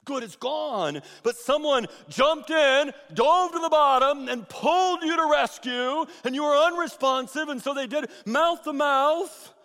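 Slow-talking pastor guy, high voice, big loud bursts then quiet, long hall echo. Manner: dramatic swings between loud emphatic bursts and hushed asides. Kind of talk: sermon. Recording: long reverb of a large hall.

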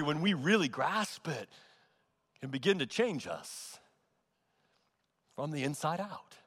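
A middle-aged male pastor preaching in a large church, his voice high and ringing. He moves between loud, stressed peaks and quiet, low asides. The sound carries a long reverb from the hall. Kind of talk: sermon. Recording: echoey sanctuary with long reverb.

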